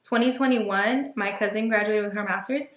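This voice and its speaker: A woman's voice: medium pitch, normal speed, fairly bright tone, muffled recording. A young woman co-hosting a podcast. She chats casually and shares candid, opinionated views. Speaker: podcast co-host. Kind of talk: casual advice chat. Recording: echoey room.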